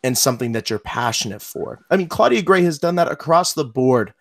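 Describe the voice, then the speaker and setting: A man's voice: mid-range voice, animated, a little fast, gravelly, dry recording, studio quality. A man hosting a podcast interview, talking enthusiastically in long run-on sentences and affirming his guest. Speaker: podcast host. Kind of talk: casual conversational interview.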